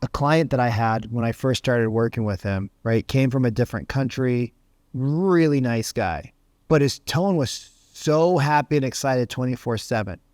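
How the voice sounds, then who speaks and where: A man's voice: medium pitch, normal speed, a little mellow, no echo, clean studio sound. Emphatic male sales coach. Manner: emphatic, asks rhetorical questions, says "right?" often. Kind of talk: motivational talk.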